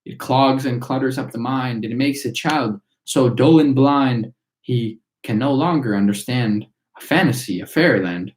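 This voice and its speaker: A man reading a chorus of tiny singing factory workers, reciting their verse in a steady rhythm. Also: medium pitch, measured pace, natural voice. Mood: preachy. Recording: roomy echo.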